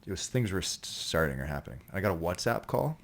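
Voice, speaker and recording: A man, a podcast guest from Canada, telling a rambling, profane story in casual chat and breaking into loud laughing bursts. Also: low voice, sing-song, fast talker, vocal fry.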